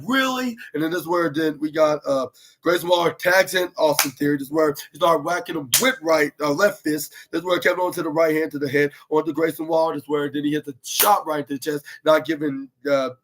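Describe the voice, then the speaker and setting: A man hosting a podcast, recapping a match move by move in a rambling way, with many fillers and restarts. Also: a little high. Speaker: podcast host.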